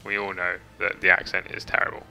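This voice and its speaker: Guy streaming a game, low gravelly voice, very bright and cutting, faint game music under it. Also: completely flat delivery, fast. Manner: chatty, reads chat aloud, swears casually. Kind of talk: casual gameplay commentary.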